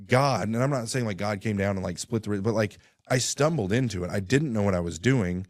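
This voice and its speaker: A man's voice: on the low side, brisk, dry recording, clean studio sound. A man, a radio guest, telling a story in casual talk and acting out both sides of phone calls.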